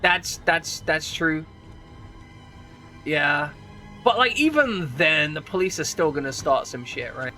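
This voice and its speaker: A man's voice: on the high side, lively intonation, slow, pauses often, bright, forceful tone, faint music behind. A man streaming a game, talking in a rambling, casual way with frequent swearing and restarts. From United Kingdom. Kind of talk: casual chat while gaming.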